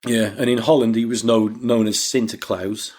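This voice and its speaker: Low-voiced sweary bloke. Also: male voice, flat delivery, normal speed, darkish tone. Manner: rambling, sweary, laughs easily. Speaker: podcast co-host. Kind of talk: casual comedy chat.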